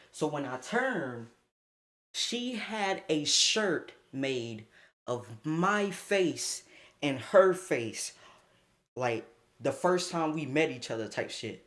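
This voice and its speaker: Animated young man telling a story. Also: a little high. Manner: animated, slangy, laughs while telling. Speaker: streamer. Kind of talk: casual storytime chat.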